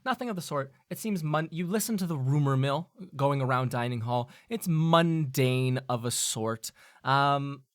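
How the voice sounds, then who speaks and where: A game master narrating a tabletop game, talking in a halting way with many fillers and theatrical flourishes. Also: medium pitch, smooth, no echo, studio quality.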